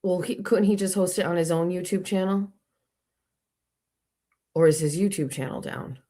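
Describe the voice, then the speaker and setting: A woman's voice: on the low side, moderate pace, dark tone. A woman hosting her own livestream from home, chatting casually and loosely with lots of fillers and restarts. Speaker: livestream host.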